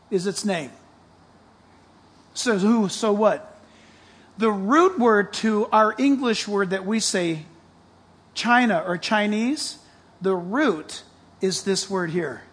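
Male pastor, very high voice, excitable sermon delivery with emphatic, shouted peaks. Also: breathy edge. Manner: excitable, shifts to loud emphatic preaching.

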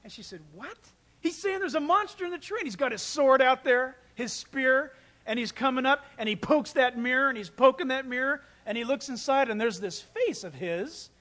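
A pastor preaching a sermon, telling stories with animated delivery and acting out quoted voices. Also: male voice, extremely high pitch, moderate pace. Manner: animated storytelling, acts out quotes.

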